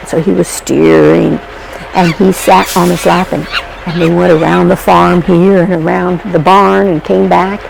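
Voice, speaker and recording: A woman's voice: lowish voice, creaky, darkish tone, a little hiss or hum, poor audio. A woman narrating a children's story in a chatty way, often turning to ask her listeners questions. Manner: chatty, addresses listeners directly.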